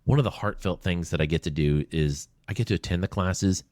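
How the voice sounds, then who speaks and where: Male guest, deep voice, warm-hearted emotional storyteller, dry room sound. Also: brisk, no room sound. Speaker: podcast guest, veteran advocate. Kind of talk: conversational storytelling interview. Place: small room.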